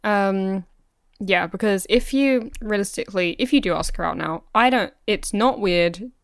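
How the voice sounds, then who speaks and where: A woman co-hosting a casual podcast, calmly giving relaxed advice from a remote setup. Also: mid-range voice, measured pace, gravelly, no echo, studio quality. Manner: relaxed, easygoing, lots of agreeing. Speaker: podcast co-host. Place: remote recording, long distance.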